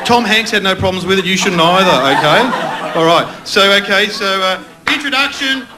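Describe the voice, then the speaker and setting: Brief: chatty Australian male comedian working a studio crowd, higher voice, noisy recording. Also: a little fast. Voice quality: rambling, chatty, self-mocking, laughing at his own lines. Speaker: stand-up comedian. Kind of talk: stand-up comedy with crowd work. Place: TV studio stage with live audience.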